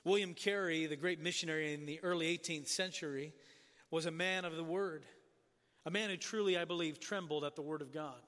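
A man preaching a sermon as pastor, earnest and questioning, often dropping soft and low for emphasis. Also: fairly even intonation, fairly quick, in a large hall.

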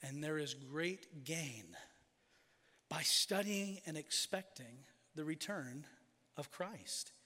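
A man preaching a sermon as a pastor, emphatic, slowing down to stress key phrases. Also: fairly high pitch, expressive, sharp tone, husky. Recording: long reverb of a large hall.

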